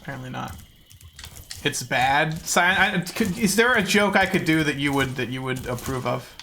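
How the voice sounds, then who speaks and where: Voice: medium pitch, lively intonation, normal speed, sharp tone, slight background noise. A game streamer chatting casually and jokingly with viewers while playing. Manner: self-mocking, jokey, talks to chat. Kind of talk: casual live-stream chat while gaming.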